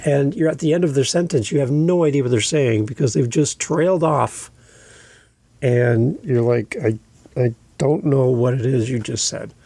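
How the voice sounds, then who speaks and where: Male podcast host, mellow and raspy, deliberate teaching delivery. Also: mid-range voice, no echo. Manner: deliberate, coaching, repeats key points. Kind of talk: instructional podcast talk.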